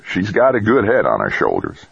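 A man's voice: lowish voice, wildly swooping pitch, normal speed, vocal fry, breathy edge, dry recording, voice pushed up, exaggerated voice. A man reading an audiobook, voicing a shaggy, bearded crewman who is plain-spoken and probing. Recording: dull dry lo-fi recording.

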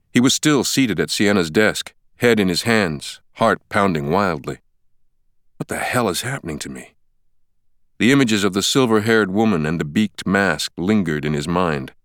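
A deep male voice reads an audiobook with steady, measured pacing. His tone is smooth and resonant, recorded close and completely dry. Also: no echo. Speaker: audiobook narrator. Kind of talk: scripted audiobook narration. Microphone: close studio mic.

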